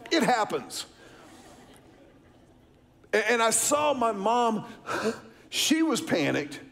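Man, middle-aged, pastor, sermon, storytelling, high-pitched. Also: big pitch swings, very slow, vocal fry, fairly bright tone, a faint crowd. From Texas, US. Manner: storytelling, asks the congregation questions.

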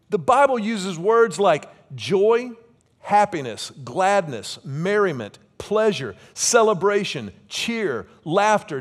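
A man in his fifties preaching a sermon, with lively, humorous storytelling. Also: high-pitched. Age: 50s. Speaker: pastor.

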